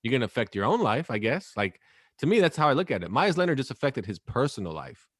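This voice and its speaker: A man's voice: mid-range voice, sing-song, fast talker, no echo, clean studio sound. A man in his thirties co-hosting a podcast in casual chat, rambling and swearing freely. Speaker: podcast co-host.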